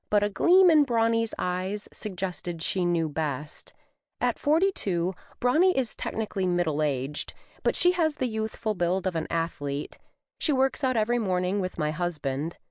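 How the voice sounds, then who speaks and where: A woman narrating a cozy mystery audiobook in the first person, with an expressive storytelling manner. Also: medium pitch, normal speed, no echo, clean studio sound. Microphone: studio microphone.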